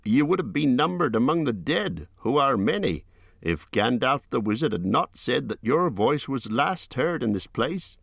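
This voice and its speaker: A man's voice: mid-range voice, big pitch swings, moderate pace, gravelly, fairly bright tone, no echo, voice pushed up, full character voice. A man voicing a tall, sure-footed messenger who speaks firmly and earnestly. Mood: urgent.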